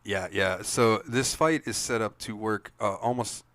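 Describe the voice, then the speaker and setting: A man's voice: on the low side, measured pace, fairly bright tone. A man co-hosting a gaming podcast, recapping game scenes in casual, profane chat and laughing often. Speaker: podcast co-host.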